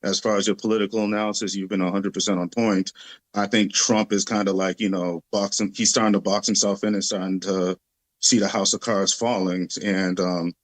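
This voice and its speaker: A man with a lowish voice that barely moves in pitch, talking in a measured way and filling gaps with "um" and "you know". His voice sounds dry and close, with no room around it. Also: dry recording, rough recording. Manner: measured and steady, many fillers like "um" and "you know". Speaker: guest. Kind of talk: casual talk-show commentary.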